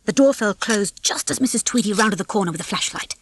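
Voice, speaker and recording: A woman reading a children's storybook aloud as narrator, in a lively, expressive way on a close mic. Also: medium pitch, fairly quick, slightly rough. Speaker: audiobook reader. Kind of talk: scripted narration.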